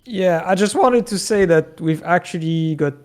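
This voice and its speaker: A man co-hosting a casual podcast, relaxed and easygoing. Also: high-pitched, normal speed, slight background noise. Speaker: podcast co-host.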